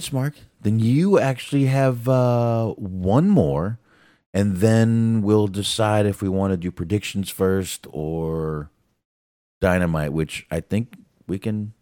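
Male podcast co-host, very deep, dry close sound, blunt, profane. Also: warm tone, no room sound. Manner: blunt, swears a lot, laughs often. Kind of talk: profane wrestling podcast chat.

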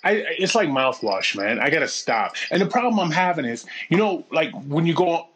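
A man chatting casually on a podcast, animated and profane, with lots of tangents. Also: a little high, moderate pace, breathy edge. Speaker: podcast co-host.

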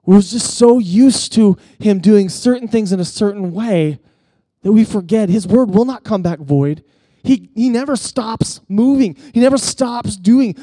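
A male pastor preaching a sermon in a conversational, animated way, often restarting his phrases and building intensity as he tells stories. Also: high voice, no echo, clean studio sound. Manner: conversational with frequent restarts and stammers; animated storytelling, rising intensity at key points.

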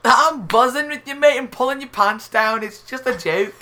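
A man playing a deadpan Scottish tall-tale teller. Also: very high voice, normal speed. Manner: deadpan, rambling, repeats himself. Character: boastful tall-tale man claiming odd homeland. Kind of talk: improvised comedy sketch.

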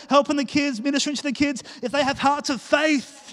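A male pastor, preaching a lively sermon and joking as he acts out little scenes for the congregation. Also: very high-pitched, a little fast. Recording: reverberant church hall.

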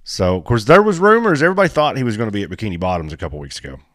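A man's voice: on the low side, big pitch swings, rapid-fire, fairly bright tone, no room sound, studio quality. A man, hosting a casual chat in a blunt, joking, folksy way. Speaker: podcast host. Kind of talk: casual chat about off-road racing.

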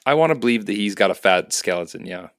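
A man's voice: on the low side, lively intonation, fast talker, a bit bright, no room sound, clean studio sound. A man hosting a casual podcast, steering the talk and calling on each co-host in turn. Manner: runs the segments, asks each co-host in turn. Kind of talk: casual chat.

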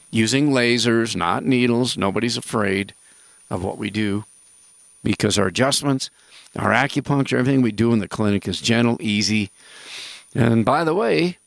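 A man's voice: medium pitch, creaky, fairly bright tone, dry recording. A man hosting a radio health call-in show, talking casually in a rambling, jokey way with emphatic asides.

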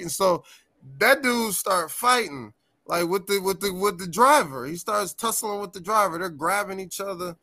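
A man guest on a podcast, telling tour stories in a casual, animated and profane way, laughing often. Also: sits high, moderate pace, no echo. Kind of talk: casual storytelling chat.

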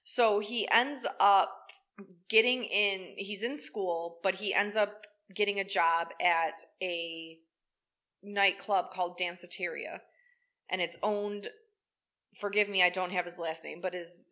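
A woman with a bright, forward voice tells a true-crime story in relaxed podcast chat. She keeps the talk wry and salty and swears freely. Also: mid-range voice, measured pace. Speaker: podcast co-host.

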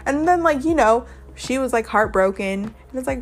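A woman's voice: high-pitched, expressive, normal speed, few pauses. A woman hosting a podcast, recapping a reality show in a chatty, gossipy way, acting out what people said. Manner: chatty, gossipy recap with fillers and quoted reactions. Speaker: podcast host. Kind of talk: casual chat.

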